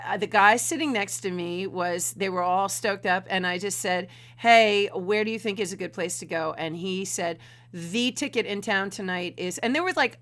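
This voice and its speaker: A woman's voice: mid-range voice, a bit bright. A woman hosting a casual livestream from home, chatty and fumbling with her setup. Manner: chatty, giggly, fumbling with tech. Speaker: livestream host.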